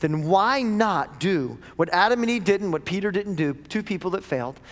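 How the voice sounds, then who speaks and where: A man preaching a sermon as lead pastor, dramatic, dropping to near-whispers then rising loud. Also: high-pitched, animated, moderate pace. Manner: dramatic, swings from hushed to loud. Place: church auditorium. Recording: echoey church hall.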